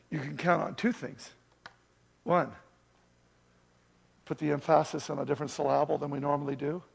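A man's voice: on the high side, steady tone, moderate pace, gravelly, long pauses, slightly rough. A male pastor delivering an earnest, urgent sermon and then leading a prayer.

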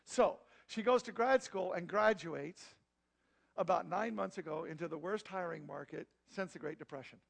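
Middle-aged pastor guy, highish voice with lots of gravel, chatty storytelling sermon. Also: moderate pace. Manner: animated, conversational storytelling with asides to the congregation.

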